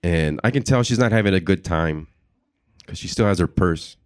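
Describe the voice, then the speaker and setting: A man's voice: deep voice, moderate pace, clear, resonant tone. A young man doing stand-up comedy, telling a long story and acting out the voices of the people in it. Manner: animated, acts out voices and reactions.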